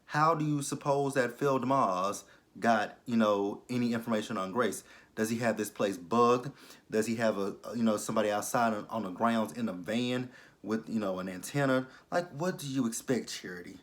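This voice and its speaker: A man's voice: on the low side, moderate pace, natural voice. A man voicing a stern older church matriarch who scolds her daughter. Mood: suspicious. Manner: scolding, lecturing.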